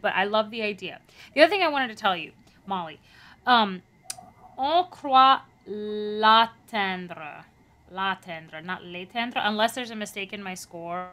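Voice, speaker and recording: A woman voice teacher giving a masterclass, coaching a singer in an encouraging, lively way and demonstrating French phrases aloud. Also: mid-range voice.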